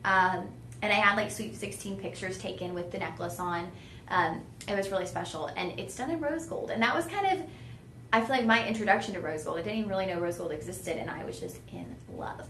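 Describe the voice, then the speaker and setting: A woman's voice: medium pitch, a little fast, fairly bright tone, roomy sound, slight background noise. A young woman hosting a live jewelry sales stream, chatty and gushing. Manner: gushing, chatty, says y'all a lot. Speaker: shopping channel jewelry host.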